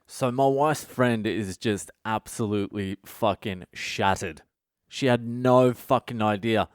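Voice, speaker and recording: A man's voice: on the low side, unhurried, no room sound, clean studio sound. A man hosting his own podcast, telling a story in a blunt, profane way with sarcastic asides. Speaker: comedian podcast host. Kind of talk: casual solo storytelling podcast. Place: at home at night.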